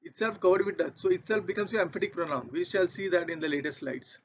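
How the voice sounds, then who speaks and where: A man teaching grammar in a patient, methodical way, working through example sentences one by one and often repeating his point. His voice sits fairly high. The recording sounds muffled and lo-fi. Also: fast talker, breathy edge. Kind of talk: explaining grammar over slides. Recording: dull lo-fi recording.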